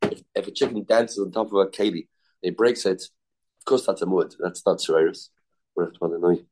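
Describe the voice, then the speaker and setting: A man giving a casual Talmud class, repeating terms and restarting sentences often. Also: lowish voice. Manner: informal, restarts often, repeats terms, mixes Hebrew and Yiddish words. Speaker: Talmud teacher.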